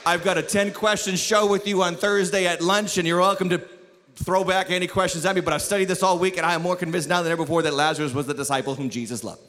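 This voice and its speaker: A man preaching a sermon as lead pastor, telling the story with jokes and sudden shouts. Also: sits high, steady tone, fast talker. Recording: long hall reverb.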